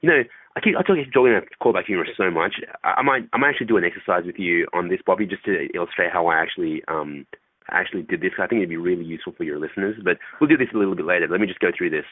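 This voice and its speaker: A man's voice: sits low, very fast, dry recording. A man guest coaching on dating, talking loosely with swearing and acting out phone calls. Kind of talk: casual interview talk. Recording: tinny phone-like line, dry.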